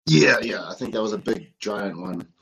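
Husky, low-voiced New man. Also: expressive, normal speed, fairly bright tone, rough recording. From New Zealand. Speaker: guest, professional wrestler. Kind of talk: casual interview talk.

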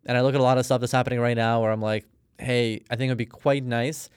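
A man's voice: mid-range voice, level tone, fast, smooth, no room sound, studio quality. A man in his thirties from Russia, a podcast guest telling a personal story in a rambling, casual way with many fillers. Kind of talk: casual interview talk.

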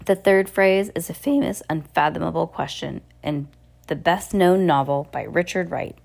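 A clever teenage boy in a storybook, calm and deliberate, voiced by a woman reading aloud. His voice sits higher than the reader's own. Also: vocal fry.

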